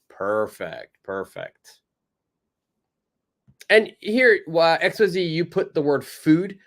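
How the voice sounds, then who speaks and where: A man's voice: a little high, big pitch swings, takes it slowly, pauses often, a bit bright. A man teaching a live online English lesson with a North American accent, patiently repeating phrases and encouraging his students.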